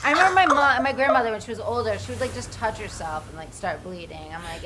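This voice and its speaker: A woman's voice: medium pitch, animated, fast, few pauses, noisy background. A woman comedian from the United States chatting casually as a guest, joking in a rambling, self-deprecating way. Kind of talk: casual chat.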